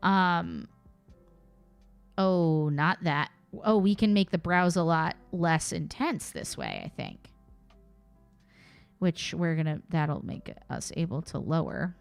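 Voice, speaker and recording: A woman streams in an unhurried, chatty way, musing aloud and tossing in playful asides. A faint wash of music sits behind her. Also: fairly low pitch, big pitch swings, vocal fry, clean tone. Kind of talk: casual live-stream commentary.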